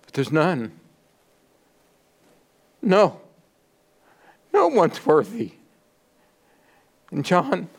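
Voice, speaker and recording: A man preaching a sermon in a slow, dramatic delivery, with repeated rhetorical questions and lists, swinging from loud peaks down to near-whispers. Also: on the high side, wildly swooping pitch. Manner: repetitive rhetorical cadence. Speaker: pastor.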